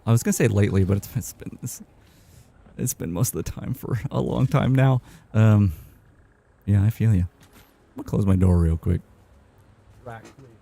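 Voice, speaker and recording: Gravelly-voiced man streaming a game. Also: on the low side, mellow. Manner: rambling, halting, with many restarts and fillers. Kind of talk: casual live-stream chat.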